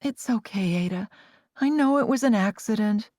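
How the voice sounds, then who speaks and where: A woman's voice: normal speed, dark tone, dry recording, studio quality, close to an everyday voice. A woman voicing a headstrong young Amish woman grieving her lost bird, her voice lifted and pleading. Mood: distressed. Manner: upset, pleading, raised in pitch.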